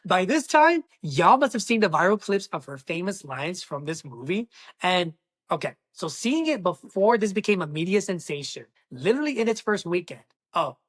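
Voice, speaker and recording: A woman giving a casual movie review, excitable and exclamatory, talking straight to her viewers. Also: on the low side, moderate pace. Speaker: film reviewer.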